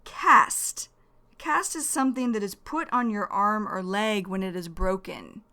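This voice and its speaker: A woman's voice: medium pitch, unhurried, pushed and bright. A young woman teaching English vocabulary, repeating each phrase and defining it in plain words. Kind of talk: slow vocabulary lesson.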